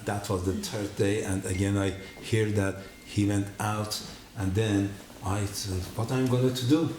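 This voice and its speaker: Guy telling his testimony in a church, voice jumps high when he quotes people, echoey hall, bit of hiss. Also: a little slow. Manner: animated storytelling, acting out quotes with big pitch jumps. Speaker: guest giving a testimony. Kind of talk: personal testimony story.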